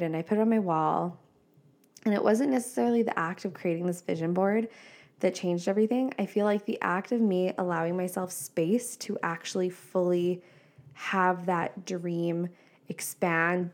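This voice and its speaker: A woman's voice: fairly low pitch, a little mellow. A woman in her twenties hosting a casual solo podcast, chatty and laughing often, with lots of "like" fillers. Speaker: podcast host.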